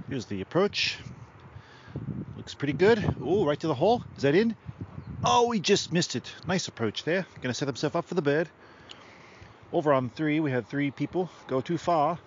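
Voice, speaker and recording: Crude male play-by-play caller, loose Australian accent, a man putting it on, raised and lively. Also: medium pitch, muffled recording, noisy background, close to an everyday voice. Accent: put-on loose Australian. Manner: profane, rowdy play-by-play. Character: crude excitable male sports commentator. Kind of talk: mock sports commentary. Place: outdoors beside a park golf course.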